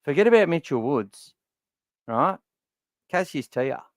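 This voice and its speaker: A man's voice: fairly high pitch, sing-song, unhurried, no echo, clean studio sound. Blunt, sweary Australian man with a worn voice. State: voice worn from talking all day. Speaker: podcast host. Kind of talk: casual fan podcast chat. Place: warm room at home.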